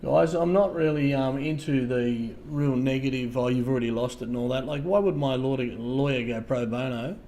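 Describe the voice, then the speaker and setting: Halting Australian man on a livestream. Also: medium pitch, slight background noise. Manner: halting, repeats words, trails off softly. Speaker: livestream host. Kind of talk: casual livestream chat, answering viewers.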